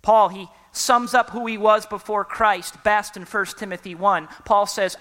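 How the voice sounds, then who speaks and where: A preacher giving an emphatic sermon who often pauses for the congregation to fill in a word and keeps urging people to listen. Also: mid-range voice, fairly even intonation, fairly bright tone, long reverb tail. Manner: repeatedly urges listeners to listen.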